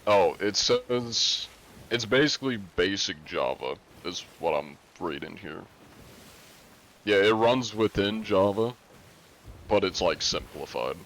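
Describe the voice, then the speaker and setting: Deep voiced streamer guy, chill, chatting with chat. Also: slow pace. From United States. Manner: relaxed, chatty, reading chat aloud. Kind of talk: casual live-stream chat.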